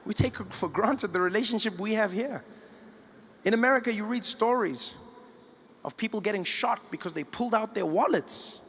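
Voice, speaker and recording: Man, South African accent, stand-up comedian, fairly high pitch, animated, faint room ambience. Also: normal speed, long reverb tail, slight background noise. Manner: animated, switches into playful character voices. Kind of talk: stand-up comedy with acted dialogue.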